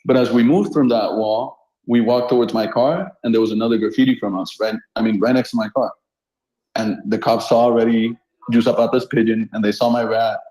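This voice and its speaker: A man in his thirties from Colombia spins casual street-art anecdotes, laughing often along the way. His voice is mellow and dark-toned, sitting at an ordinary pitch. The sound carries a noticeable echo, as if recorded in a bare room. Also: fairly even intonation, a little fast. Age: 30s. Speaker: guest street artist. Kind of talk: casual storytelling. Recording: roomy echo.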